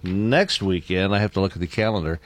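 A man co-hosting a morning radio show, telling stories in a casual, halting way with many restarts. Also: deep voice. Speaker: radio co-host and comedy club emcee.

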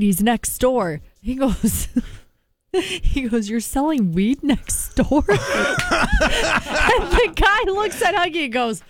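High-voiced woman telling radio stories. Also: no room sound. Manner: animated storyteller, laughs while telling. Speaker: radio show co-host. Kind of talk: morning radio banter, storytelling.

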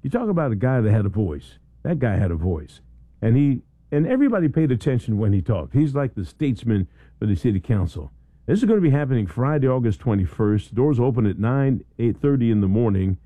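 A man's voice: mid-range voice, fairly quick, no echo, phone-quality sound. A man hosting a talk radio show, chatting loosely and reading event announcements with lots of "you know". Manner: rambling, chatty, lots of "you know" and restarts, bursts of excited shouting. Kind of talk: casual radio chat and announcements. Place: radio studio.

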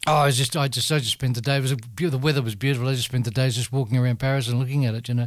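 A man's voice: medium pitch, fairly even intonation, rapid-fire, no room sound. A man telling a rambling anecdote as a radio guest, full of restarts and frequent laughter. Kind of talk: anecdotal storytelling.

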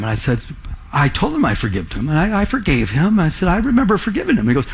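Husky, animated male pastor preaching. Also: on the high side, quick pace. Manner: animated storytelling, acts out dialogue. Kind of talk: sermon.

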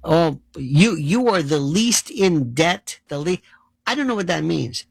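Gravelly, animated sarcastic man ranting. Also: fairly high pitch, measured pace, no room sound. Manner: mocking, exasperated, acts out voices of others. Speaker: commentator. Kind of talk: sarcastic monologue rant. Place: New York City.

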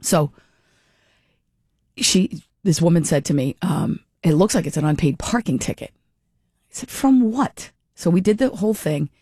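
A woman hosting talk radio, telling a long story in a chatty, animated way with many restarts. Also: low voice, normal speed, pauses often, breathy edge, no room sound, studio quality. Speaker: radio talk show host.

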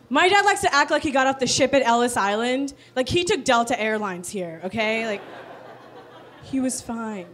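A young woman from Virginia doing a stand-up comedy set, dry and sarcastic with quick asides. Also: on the high side, lively intonation, fairly bright tone, a little hiss or hum. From Virginia, United States. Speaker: stand-up comic.

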